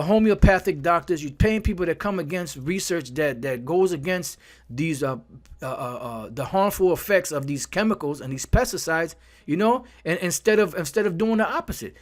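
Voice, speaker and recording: A man preaching angrily from scripture, swearing hard and stumbling over repeated words as he drives each point home. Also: fairly high pitch. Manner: fiery, profane, repeats words while building a point. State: angry. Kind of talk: angry scripture commentary.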